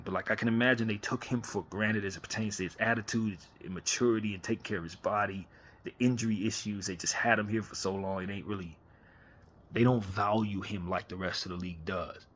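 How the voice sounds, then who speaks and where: A man's voice: lowish voice, fairly even intonation, a little fast, fairly bright tone, a little hiss or hum. A man hosting a casual late-night fan chat on camera, talking animatedly and rhetorically, often repeating himself. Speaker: fan commentary host.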